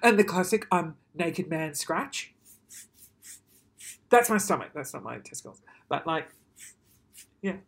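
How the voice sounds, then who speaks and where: A man's voice: on the high side, lively intonation, a little slow, pauses often, fairly bright tone. A man ranting casually to camera, swearing freely and then apologising, in a rambling, self-deprecating way. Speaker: vlogger.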